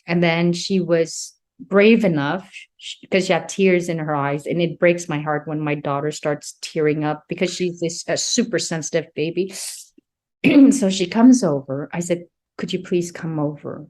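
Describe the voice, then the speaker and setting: Earnest woman host, low voice. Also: normal speed, a little mellow. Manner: earnest, reflective, often restarts and searches for words. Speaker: podcast host and mother. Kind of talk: personal storytelling in conversation.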